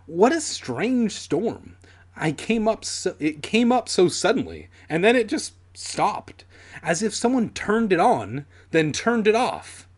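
A mild, concerned middle-aged father, put on by a man, earnest and a little fussy. The voice sits higher than the reader's own and swings lively up and down. It belongs to a comedic read-aloud of a spooky children's storybook. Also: takes it slowly, heavily acted.

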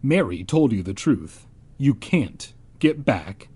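A man's voice: medium pitch, very animated, slow pace, mellow, husky, full character voice. A man reading as a stern gray boy leader. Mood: firm. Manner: bossy, scolding.

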